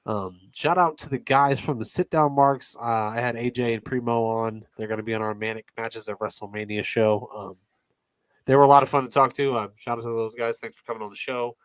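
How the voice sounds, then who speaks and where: A man's voice: mid-range voice, fairly quick, no echo. A man in his thirties hosting a podcast, chatting casually and rambling with lots of fillers. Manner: relaxed, rambling with many fillers. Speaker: podcast host. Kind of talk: casual chat.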